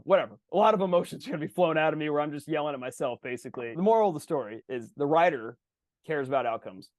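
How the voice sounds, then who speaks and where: A man hosting a podcast, telling a rambling, animated story in casual chat and swearing freely. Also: a little high, dry recording. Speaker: podcast host.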